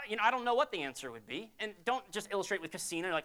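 A man's voice: high-pitched, sing-song, rapid-fire, hardly any pauses, pushed and bright. A man preaching a sermon as a pastor, in a conversational, emphatic storytelling way.

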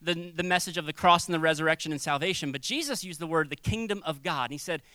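A man preaching a sermon as a pastor, conversational and animated, acting out little quoted voices. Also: on the high side, quick pace, clean tone, no room sound.

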